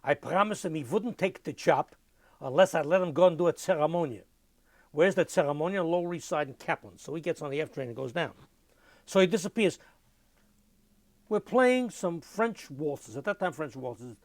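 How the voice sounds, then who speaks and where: An older man, telling lively anecdotes in an oral history interview and mimicking sounds as he goes. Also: on the high side, normal speed, no room sound. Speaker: interviewee, musician.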